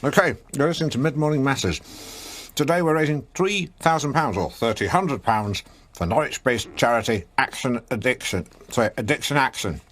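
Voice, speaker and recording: A man's voice: medium pitch, expressive, moderate pace, a bit bright. A man hosting a comedic radio show in a studio, pompous and often stumbling over his words. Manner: pompous, fumbling, stammering. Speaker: radio host.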